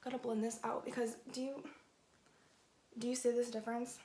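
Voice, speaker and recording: A young woman telling a story in a chatty, animated way, saying "like" often, while doing her makeup for a beauty vlog. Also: on the high side, normal speed, slight background noise. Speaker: beauty vlogger. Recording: echoey room.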